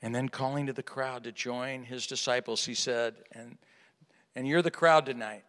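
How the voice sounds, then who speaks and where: Bright-voiced man preaching in a hall. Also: mid-range voice, steady tone, normal speed. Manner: dramatic, swings from hushed to loud, rhetorical questions. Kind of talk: sermon. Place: large hall with an audience. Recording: reverberant hall.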